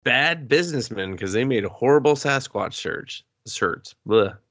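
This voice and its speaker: A man's voice: mid-range voice, animated, unhurried, a bit bright, dry recording. A man co-hosting a movie review podcast, ranting in a sarcastic, profane, casual way. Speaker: podcast co-host.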